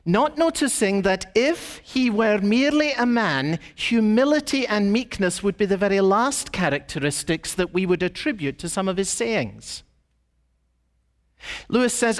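A man preaching a sermon as pastor, telling a story and asking rhetorical questions, slowing down on emphatic phrases. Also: sits high, animated, big-room sound. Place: church.

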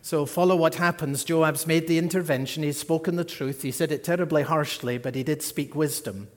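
A man preaching a sermon, earnest, rising to emphatic peaks and then dropping soft, heard in a large church hall. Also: a little high, steady tone, fairly quick. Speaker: pastor. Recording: long hall reverb.

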